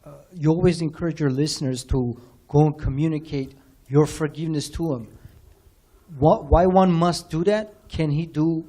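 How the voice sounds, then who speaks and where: Brief: slightly high, mellow male questioner, hesitant delivery. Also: normal speed. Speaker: audience member asking questions.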